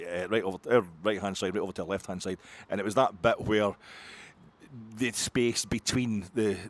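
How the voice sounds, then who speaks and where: Man, Scottish accent, middle-aged, low-ish voice, excitable, rambling football fan monologue. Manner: excitable, rambling, swings between muttering and loud outbursts. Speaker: football podcast host. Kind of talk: post-match fan reaction monologue.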